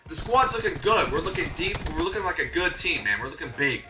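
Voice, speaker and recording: Animated young man telling a story, echoey room. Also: a little high, a little fast. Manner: animated, slangy, acts out his own voice and coaches. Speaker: YouTuber. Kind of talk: comedic storytime. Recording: echoey room, a bit distant from the mic, faint music.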